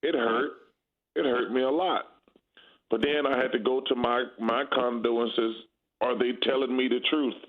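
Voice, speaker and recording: A blunt, candid man in his fifties talks sports in a loose, emphatic way. His voice comes through a thin, tinny phone-like line that strips the low and high ends. His pitch sits in an ordinary middle range for a man. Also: fairly even intonation, moderate pace. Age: 50s. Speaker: guest basketball analyst. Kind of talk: casual sports talk.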